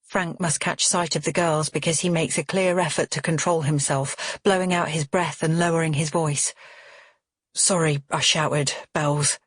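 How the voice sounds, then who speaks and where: A woman narrates an audiobook in first person, steady and measured. Her voice is lowish and husky, recorded close and dry. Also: no room sound.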